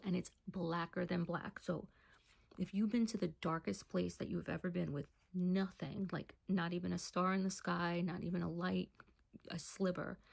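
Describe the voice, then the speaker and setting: A woman telling a personal testimony in a casual, hushed storytelling voice that often drops to a near whisper. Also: lowish voice, creaky.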